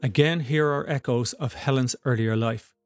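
A man narrating a documentary in a measured, scripted way. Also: mid-range voice, faint music behind.

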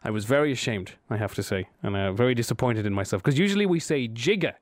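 A man's voice: mid-range voice, expressive, fast, no room sound. A young man with an Irish accent hosting a radio show, chatty, playful and self-deprecating. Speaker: radio host. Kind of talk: casual radio chat. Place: radio studio. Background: faint music bed.

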